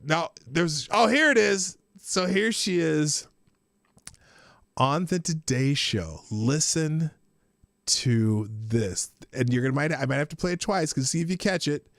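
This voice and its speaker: A man's voice: on the high side, expressive, a little slow, creaky, fairly bright tone, dry recording, clean studio sound. A man hosting a podcast, giving casual mocking commentary and often breaking into incredulous laughter. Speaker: podcast host.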